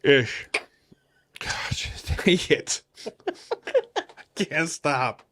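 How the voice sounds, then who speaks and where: A man's voice: fairly high pitch, drawn-out words, sharp tone. A man co-hosting a casual podcast chat, joking around and teasing his partner. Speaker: podcast co-host.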